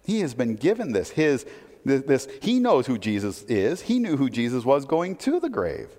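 A man's voice: mid-range voice, huge pitch swings, normal speed, darkish tone, in a large hall. A man preaching a sermon in a conversational way, asking his listeners rhetorical questions. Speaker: pastor.

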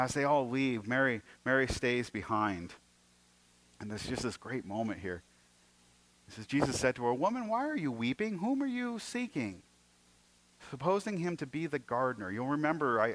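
A man preaching a sermon, retelling stories with acted-out voices and moving between emphatic passages and hushed ones. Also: fairly low pitch. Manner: storytelling, acting out scenes in varied voices; swings from loud and emphatic to hushed. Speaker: pastor.

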